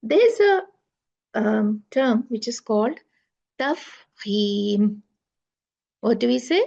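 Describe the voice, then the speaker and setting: A woman's voice: a little high, sing-song, measured pace, vocal fry, a little mellow. A woman teaching an online class, explaining patiently and asking her students rhetorical questions. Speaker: tajweed teacher. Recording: dull lo-fi online class audio.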